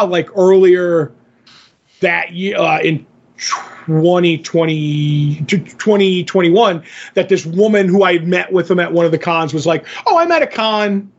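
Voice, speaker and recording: Brief: husky, high-pitched male podcast co-host, animated storyteller, lo-fi audio. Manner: animated, acts out others' lines in the story. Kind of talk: casual storytelling chat.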